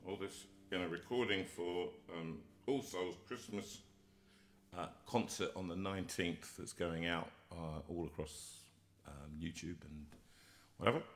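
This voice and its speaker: A man's voice: sits low, unhurried. A middle-aged man hosting a live music stream, chatting between songs in a rambling, self-mocking way with plenty of fillers. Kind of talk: casual chat between songs. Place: music room with a piano.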